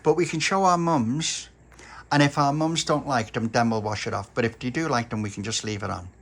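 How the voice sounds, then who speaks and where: A man's voice: medium pitch, a little fast, vocal fry, fairly bright tone, voice pushed up. A man voicing a cheerful, sensible little girl, in a bedtime-style story. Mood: chirpy.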